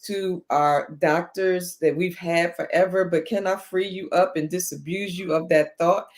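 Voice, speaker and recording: A woman's voice: lowish voice, steady tone, unhurried. A woman hosting an interview on a video call, speaking earnestly and directly to her listeners with encouragement. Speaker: host.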